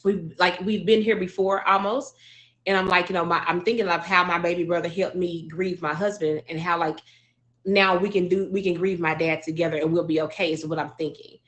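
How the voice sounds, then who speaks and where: A woman's voice: on the low side, fairly even intonation, brisk, fairly bright tone. A woman from Arkansas telling a heartfelt personal story in an earnest, emotional way, with frequent fillers and restarts. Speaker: speaker sharing a personal story.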